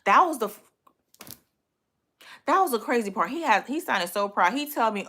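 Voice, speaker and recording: A woman hosting a livestream, telling a story in an animated, profane, exasperated way. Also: on the high side, normal speed. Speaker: livestream host.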